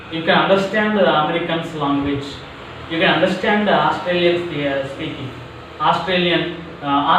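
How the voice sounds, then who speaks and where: A man with an Indian English accent leads a pronunciation class, repeating words and checking that his listeners follow. His voice sits a little high and comes from some way off the mic. The room is very echoey, with faint hiss behind him. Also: distant mic. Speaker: English teacher.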